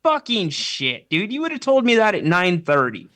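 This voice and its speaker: A man with a fairly high, bright, forceful voice tells a story in a relaxed chat. His pitch swings widely as he acts out the people he quotes, and he swears casually. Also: moderate pace. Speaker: podcast co-host. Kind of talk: casual chat, anecdote telling.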